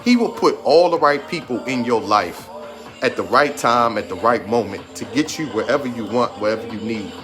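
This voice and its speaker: A man's voice: mid-range voice, expressive, normal speed. A man in his thirties giving an emphatic, repetitive motivational talk and holding back tears. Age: 30s. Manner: trying to hold back tears. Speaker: motivational speaker. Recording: music playing behind the voice. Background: music.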